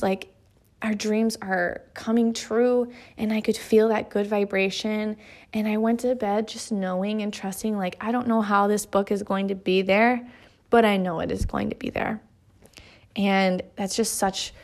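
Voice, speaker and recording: A woman author in her thirties, with a medium-pitched voice, gives an earnest motivational monologue. She drives her points home by repeating phrases in lists.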